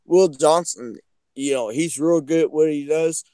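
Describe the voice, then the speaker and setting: A man's voice: on the high side, measured pace, warm tone, slight background noise. A man chatting casually on a livestream, easygoing and a little hesitant.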